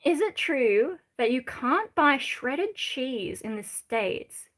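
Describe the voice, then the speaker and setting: A woman's voice: high-pitched, very animated, takes it slowly, a bit bright. A woman in her thirties with an Australian accent, chatting casually on a livestream and answering viewers' questions with plenty of ums. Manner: reads out and answers chat questions, many fillers. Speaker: streamer.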